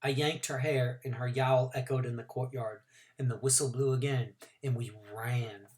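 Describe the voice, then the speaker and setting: A male teacher reads a novel aloud to his class, giving an expressive first-person narration with varied pacing. His voice is medium in pitch and his pace is moderate.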